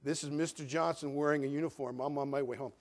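An older man from California preaches a sermon with a voice pitched a little high for a man. He speaks in an earnest, direct way and calls his listeners friends. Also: fairly even intonation, quick pace. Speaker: pastor.

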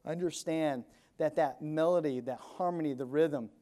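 A man's voice: a little high, normal speed, warm tone. A man preaching a sermon, emphatic, asking and answering his own questions and counting out beats. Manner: counts beats and sings snatches of songs.

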